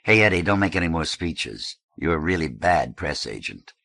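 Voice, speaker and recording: A man's voice: extremely low pitch, very animated, moderate pace, gravelly, pushed and bright, heavily acted. A man voicing a blunt, curt young male gang leader in an audiobook.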